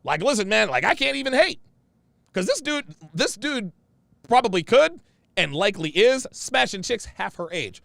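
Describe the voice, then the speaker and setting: Brash male stream host, emphatic and repetitive, lively high delivery with gravel in the voice. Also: normal speed, no room sound. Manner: brash, emphatic, repeats phrases. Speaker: show host reading viewer comments. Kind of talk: casual livestream commentary.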